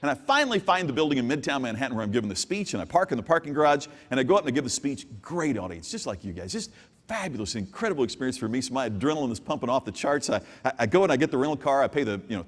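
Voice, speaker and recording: A man giving a live keynote speech, telling a story and swinging from hushed asides to loud outbursts. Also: medium pitch. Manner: animated storyteller with big swings from hushed to shouting. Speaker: keynote business speaker. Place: large hall with an audience. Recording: long hall reverb.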